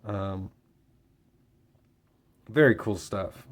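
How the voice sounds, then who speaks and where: A man casually summarizing and reviewing a comic book issue, talking with frequent fillers and pauses. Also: on the low side. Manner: relaxed, hesitant with fillers.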